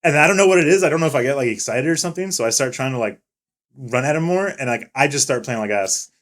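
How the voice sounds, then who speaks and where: A man's voice: mid-range voice, fast talker. A young man co-hosting a casual podcast, telling profane stories and acting out what others said. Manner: swearing, animated retelling with quoted voices. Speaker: podcast co-host. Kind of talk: casual chat, storytelling.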